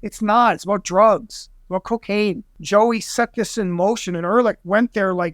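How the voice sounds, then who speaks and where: A man guesting on a podcast, telling a story in an excitable, rambling way and acting out other people's voices. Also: high-pitched, moderate pace, hardly any pauses, no echo, studio quality. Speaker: guest investigator. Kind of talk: animated storytelling in conversation.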